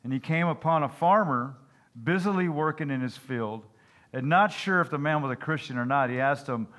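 A man's voice: mid-range voice, moderate pace, a bit bright. A man preaching a sermon, telling folksy jokes and asking his congregation "Amen?" and "okay?". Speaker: pastor.

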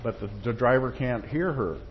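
A man's voice: mid-range voice, animated, moderate pace, dull audio, a little hiss or hum. A man preaching a sermon, reading quotations with rising force and checking in with the congregation. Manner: tag questions to the congregation.

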